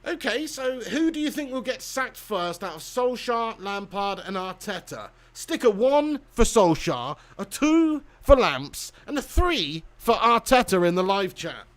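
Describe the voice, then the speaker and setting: A man's voice: high-pitched, very animated, measured pace, hardly any pauses, a bit bright. A young man hosting a casual football watch-along stream, chatting and laughing as he reads comments and calls the chances.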